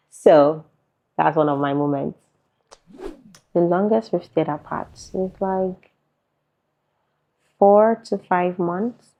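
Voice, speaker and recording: A woman's voice: lowish voice, sing-song, extremely slow, long pauses, dark tone. A woman with a Nigerian accent chatting casually in an interview, laughing often. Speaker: interviewee, content creator. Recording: muffled lo-fi recording.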